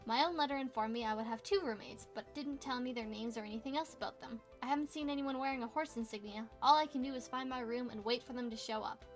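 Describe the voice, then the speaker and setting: A woman's voice: fairly high pitch, faint music behind. Playful young woman reading a game aloud. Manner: playful, quick asides and exclamations. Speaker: gamer reading a visual novel aloud. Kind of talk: casual let's play reading with asides.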